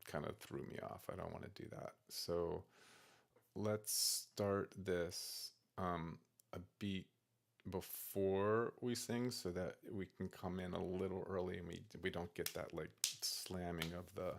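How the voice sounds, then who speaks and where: A man working through takes of his own song on a studio microphone, talking himself through each attempt in soft, self-critical asides. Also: deep voice, steady tone, unhurried, creaky. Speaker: singer-songwriter teaching vocal practice. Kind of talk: casual talk-through of his own practice session. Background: guitar playing.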